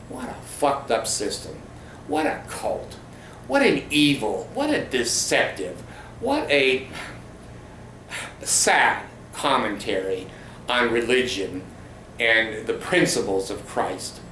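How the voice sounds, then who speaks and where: A man giving an angry, profane monologue about his church, speaking slowly and emphatically. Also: mid-range voice, sing-song, a bit bright, slight background noise. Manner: indignant, profane, slow and emphatic. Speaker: former glazier ranting about his church. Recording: roomy echo with faint ambience.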